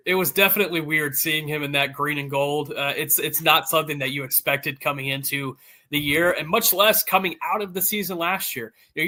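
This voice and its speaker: A man talking as a guest sports reporter, casual and energetic, with quick restarts and fillers. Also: on the high side.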